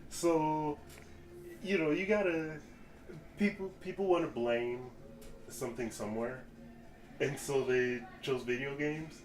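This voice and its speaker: A man's voice: a little high, measured pace, pauses often. A man rambling through a casual podcast chat, hunting for his words. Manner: rambling, many fillers and restarts. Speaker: podcast co-host. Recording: roomy, faint background hiss.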